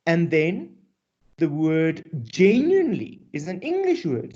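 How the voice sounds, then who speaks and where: A South African male teacher explains a poem at an unhurried pace, his pitch rising and falling with animation. His tone is mellow and relaxed, and he drops in questions to the class as he goes. The recording is dull and lo-fi. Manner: animated, mixes English and Afrikaans, rhetorical questions. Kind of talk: classroom poetry lesson.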